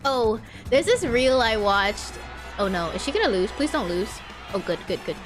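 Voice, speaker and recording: Chatty, rambling streamer woman with a high voice. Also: expressive, normal speed, music in the background. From California. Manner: rambling and chatty, full of "like" fillers; laughs often at her own stories. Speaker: VTuber streamer. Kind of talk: casual livestream chat while playing.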